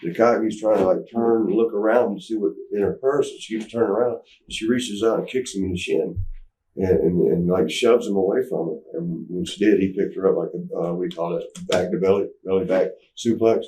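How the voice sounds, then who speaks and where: A man's voice: low voice, steady tone, brisk, dark tone. A man telling a candid story in an interview, rambling with restarts and acting out what people said. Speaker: interview guest. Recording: roomy, mic at some distance.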